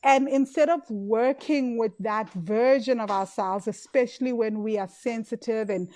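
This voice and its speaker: Chatty woman, slightly high. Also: moderate pace, a little mellow. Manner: emotive, chatty, fillers and tag questions. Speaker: podcast host and money coach. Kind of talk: casual solo podcast talk.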